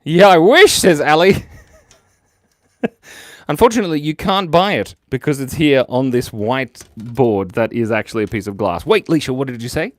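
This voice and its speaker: A playful Australian man chats his way through a live drawing session, cracking jokes and answering viewers as he goes. His mid-range voice swoops up and down with lively energy, and the recording is close and dry with no room sound. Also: mid-range voice, normal speed, no room sound. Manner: playful and jokey, reading out viewer chat. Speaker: host of a live drawing stream. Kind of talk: casual live-stream chat while drawing.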